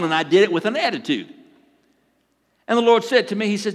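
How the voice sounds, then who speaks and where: A man's voice: high-pitched, animated, fast, fairly bright tone. An older man, preaching a sermon to a congregation in a conversational way and telling a personal story. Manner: conversational preaching with acted asides and chuckles. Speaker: pastor. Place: church sanctuary. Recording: long reverb in a church hall.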